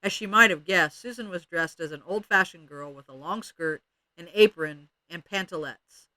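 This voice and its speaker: Bright-voiced man reading a storybook. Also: sits high, normal speed, no room sound. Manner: expressive. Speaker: reader of children's book. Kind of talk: read-aloud storytelling.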